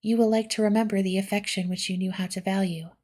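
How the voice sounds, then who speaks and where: A woman softly voicing a kind, gentle middle-aged mother in a whispered role-play reading. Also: mid-range voice, little pitch movement, quick pace, close to an everyday voice. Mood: tender. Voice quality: soft, breathy.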